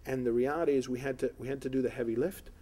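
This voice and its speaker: He talks at a racing pace, his medium-pitched voice mellow and steady in tone. A middle-aged political candidate from South Florida, he fields editorial board interview questions with rambling answers packed with fillers and restarts.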